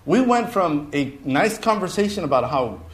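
A man casually telling a story to listeners, animated and chuckling as he goes. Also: a little high, normal speed. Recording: roomy echo.

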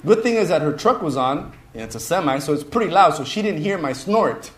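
A man casually telling a story to listeners, animated and chuckling as he goes. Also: high-pitched, brisk, hardly any pauses. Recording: roomy echo.

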